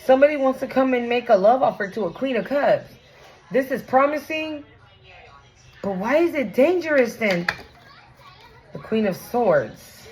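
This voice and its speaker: A woman's voice: fairly high pitch, a little slow, pauses often. A woman giving a casual tarot reading to camera, blunt and profane, talking straight to the viewer and often asking "right?". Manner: animated, often exclaims and asks "right?". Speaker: tarot reader.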